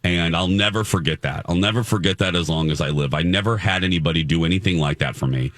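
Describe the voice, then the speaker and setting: A man's voice: low-pitched, quick pace, a bit bright, no room sound, studio quality. A man in his thirties hosting a casual radio show, telling a heartfelt story with many restarts. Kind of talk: casual morning show chat.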